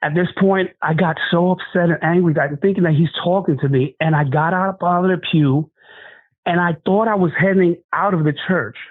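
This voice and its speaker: A man's voice: high-pitched, fairly even intonation, no room sound. Earnest man telling his testimony over a tinny line. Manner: earnest, halting storytelling with restarts. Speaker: guest sharing a testimony. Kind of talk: emotional personal testimony. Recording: tinny phone-line sound, dry.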